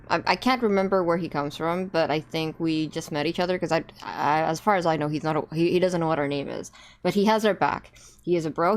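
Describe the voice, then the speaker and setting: A woman streamer chatting casually to her viewers while playing a game, rambling with fillers and restarts. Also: sits low. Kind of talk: casual gameplay commentary.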